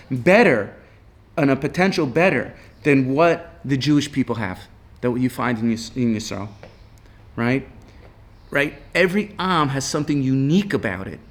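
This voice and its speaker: Casual man teaching a Torah class. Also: medium pitch. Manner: casual, peppered with "right?" and "you know"; reads Hebrew text aloud, then explains it in English.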